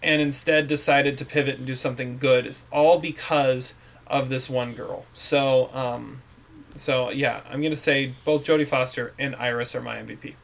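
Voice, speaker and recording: A man's voice: medium pitch, steady tone, normal speed, gravelly, fairly bright tone. A man hosting a casual movie podcast, rambling with many fillers and restarts. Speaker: podcast host.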